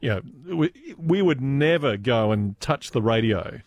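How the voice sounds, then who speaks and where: A man's voice: mid-range voice, lively intonation, unhurried, no room sound. Chatty Australian man on radio. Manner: chatty, reminiscing, laughs easily. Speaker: radio host. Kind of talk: casual radio chat. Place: radio studio. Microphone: close studio mic.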